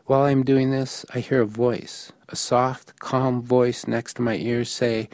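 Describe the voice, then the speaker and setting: A man's voice: medium pitch, little pitch movement, measured pace, vocal fry, few pauses, a little mellow, no room sound, clean studio sound. A man from the United States narrating a first-person story in a matter-of-fact, observational way.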